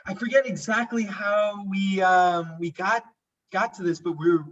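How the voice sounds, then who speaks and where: A man's voice: sits high, steady tone, normal speed, fairly bright tone, distant mic. A young man, a podcast guest, telling a personal story in a casual, rambling way, full of "like" and restarts. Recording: dull lo-fi audio.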